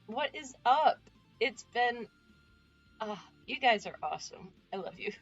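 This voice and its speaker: Woman, streamer, live chat, stammering, excitable, slow delivery, muffled sound. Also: a little high, soft background music. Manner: excited, stammering, repeated exclamations.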